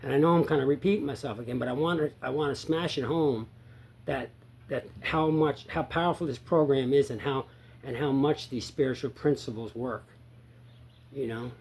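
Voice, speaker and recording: A man coaching sobriety in a casual talk to viewers, earnest and repeating himself, rising to loud emphasis and dropping to quiet, low asides. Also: normal speed, breathy edge.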